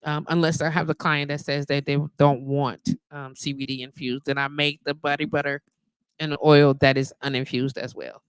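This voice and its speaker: A woman's voice: low-pitched, flat delivery, moderate pace, clear, resonant tone, dry recording. A woman hosting a live online show from her wellness practice, chatting casually with viewers, greeting them and laughing often.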